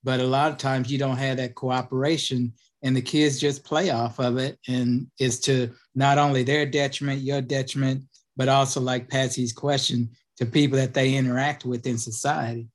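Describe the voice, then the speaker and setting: A man's voice: mid-range voice, flat delivery, moderate pace, few pauses. A man, a pastor, talking in a plain, folksy way in a group discussion. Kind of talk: casual discussion.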